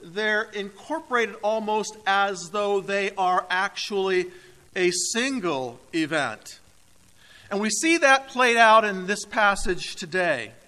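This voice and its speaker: A male pastor delivers his sermon in a high, bright voice, stretching key words and pausing for weight. His unhurried, emphatic phrasing rings out across a church sanctuary with long reverb. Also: expressive. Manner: emphatic, deliberate preaching with dramatic pauses. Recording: reverberant hall.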